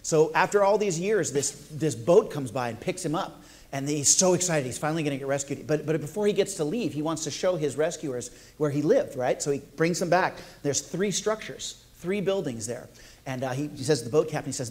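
A man's voice: on the high side, brisk, a little mellow. Playful, jokey male preacher. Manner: playful, jokey, talks to the congregation. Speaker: pastor. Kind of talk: sermon.

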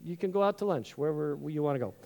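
A high-voiced man preaching to a congregation. He keeps it conversational and joking, and slips into little character voices when he tells a story. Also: animated, rapid-fire, a little mellow. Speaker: pastor. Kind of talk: sermon.

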